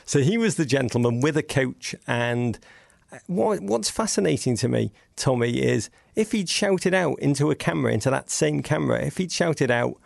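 English male guest, lively storyteller, very gravelly voice, dry close sound. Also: medium pitch, moderate pace, dry recording. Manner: animated storyteller, frequent restarts. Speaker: podcast guest. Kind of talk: casual chat.

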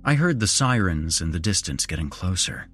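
A man's voice: deep voice, very animated, normal speed, a bit bright, faint music behind. A man telling a first-person horror story, dramatic and moving between wry asides and tension.

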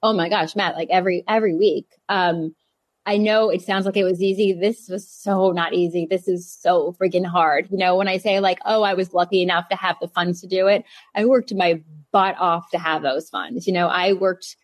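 A woman's voice: lowish voice, fairly even intonation, normal speed, dry recording. A woman in her thirties, a jewelry designer, answering interview questions in a candid, emphatic way. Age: 30s. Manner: candid, emphatic, repeats phrases.

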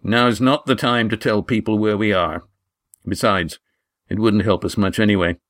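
A man's voice: fairly low pitch, fairly even intonation, moderate pace, dry recording, clean studio sound, natural voice. Man doing a stern, curt male leader. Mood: commanding. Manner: curt, commanding.

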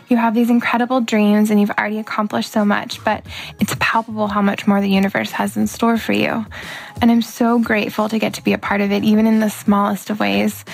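Effusive young woman, raspy with vocal fry, recording a birthday tribute. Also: a little high. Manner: gushing, effusive and admiring. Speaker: friend giving a birthday tribute.

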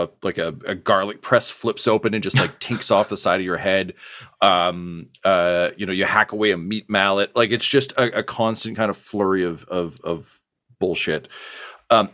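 A man narrating as game master of a tabletop game, casual and halting, with many fillers and restarts. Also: low-pitched, fairly bright tone. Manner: hesitant, many ums and restarts, casual swearing.

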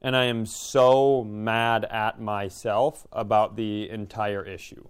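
A middle-aged man co-hosts a casual podcast chat with a smooth, resonant voice. He tells a story in a loose, rambling way and swears freely as he goes. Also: fairly low pitch, level tone, takes it slowly. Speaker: podcast co-host.

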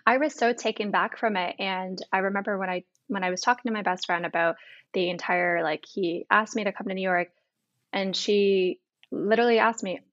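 A woman's voice: medium pitch, steady tone, a little fast, a bit bright, no room sound, lo-fi sound. Chatty young woman telling a story. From Canada. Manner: chatty, full of "like" and quoted dialogue. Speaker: guest. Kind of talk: storytelling interview.

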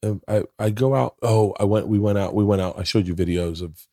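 A man in his forties tells a story in loose conversation, doubling back on himself and swearing freely. His voice sits fairly low. The recording is dry and close, with no room sound. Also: brisk, mellow, dry recording. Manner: rambling storytelling with frequent swearing and restarts. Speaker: podcast guest, comedian. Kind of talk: casual chat.

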